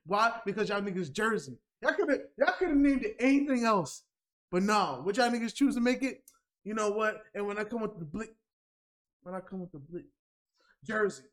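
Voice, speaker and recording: A man in a casual, animated chat about battle rap, often laughing and mimicking people. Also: high-pitched, brisk. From New York.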